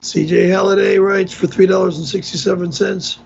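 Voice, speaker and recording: Irritable male streamer, high gravelly husky voice, slow grumbling delivery, dull lo-fi sound. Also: flat delivery, a little mellow. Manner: gruff, irritable, exasperated, swears. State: wearing a tight neck brace. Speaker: livestream host reading tips. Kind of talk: casual livestream talk.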